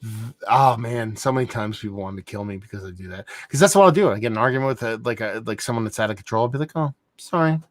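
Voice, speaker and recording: A man co-hosting a podcast in casual chat, animated and profane, swinging between loud and soft. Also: fairly low pitch, racing, hardly any pauses, no echo. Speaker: podcast co-host.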